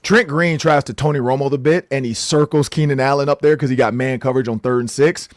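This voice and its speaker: A man's voice: mid-range voice, fairly even intonation, fast, no room sound, clean studio sound. Rambling, jokey male sports co-host. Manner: rambling, self-correcting, jokey. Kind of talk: casual sports analysis chat.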